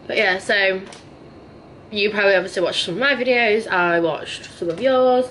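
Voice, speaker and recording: A young woman with a Yorkshire accent chatting casually and quickly with a friend in a hotel room. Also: medium pitch, background noise. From Yorkshire, England. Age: young adult. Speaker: vlogger. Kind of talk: casual chat.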